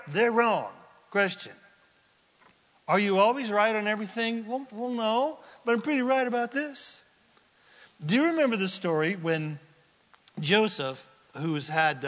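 A male pastor giving a sermon, telling a story with animated delivery and questions to the congregation. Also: high-pitched, long reverb tail. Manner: animated storytelling, acts out quotes, asks the crowd questions.

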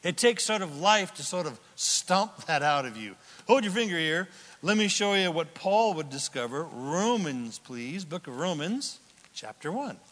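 A high-voiced man preaching to his congregation, his delivery animated and dramatic. He leaps from loud, excited exclamations down to soft, hushed asides. His voice carries with a long reverb through a large hall. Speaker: pastor. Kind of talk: sermon.

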